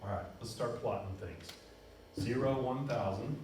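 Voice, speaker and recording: A man's voice: medium pitch, moderate pace, a little mellow, recorded from a distance, slight background noise. Upbeat man teaching math in echoey room. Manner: upbeat, talks himself through steps, self-correcting. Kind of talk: classroom math lesson, working at a board.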